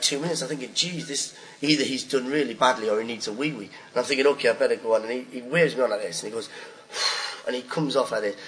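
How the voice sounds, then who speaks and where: A middle-aged comedian spins a long story from the stage, jumping into voices for the people in it. His tone is bright and forceful at an ordinary pitch. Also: slight background noise, low-quality recording. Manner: animated, acts out voices of hecklers and friends. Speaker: stand-up comedian. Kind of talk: storytelling comic monologue.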